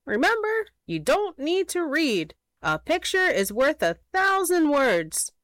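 A woman voicing a sly, greedy little male hedgehog painter with a squeaky voice, in a storybook reading. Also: big pitch swings, slow pace, a bit bright, no echo, full character voice. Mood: coaxing. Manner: sly, scheming.

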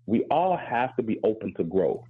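A man's voice: lowish voice, very animated, normal speed, husky. A man co-hosting a talk show, speaking earnestly and reflectively, often repeating words as he starts a thought. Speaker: professor and show co-host. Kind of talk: casual talk-show discussion. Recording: phone-like narrow band.

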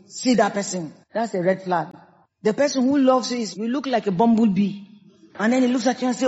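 A woman pastor with a Nigerian accent preaching a sermon, emphatic and lively, acting out quoted people. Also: a little high, fairly quick. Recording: dull sound with long hall reverb.

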